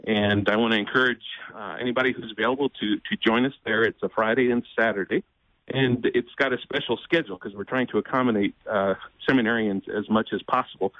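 A man speaking as a guest in an interview, earnest and measured, often pausing with fillers and restarting. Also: fairly low pitch, steady tone, dry recording, dull audio. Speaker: ministry president, guest. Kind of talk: conversational interview.

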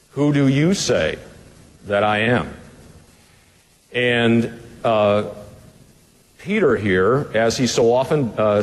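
A man's voice: medium pitch, big-room sound. A man as pastor teaching a Bible passage in a conversational sermon, putting rhetorical questions to the listeners in a casual way with fillers.

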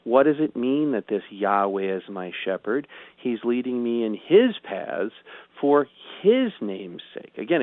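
Male guest pastor, lower voice, tinny phone line, halting "you know"-heavy speech. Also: no echo. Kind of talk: casual theological discussion. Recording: thin phone-line sound.

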